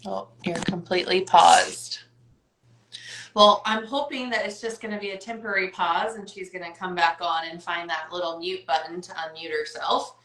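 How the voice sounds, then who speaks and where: Bright chatty woman hosting a wellness talk. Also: lowish voice, steady tone, moderate pace, echoey room, a little hiss or hum, rough recording. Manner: chatty, upbeat, lots of "like" and "right?". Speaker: host. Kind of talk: casual wellness chat. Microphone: video call.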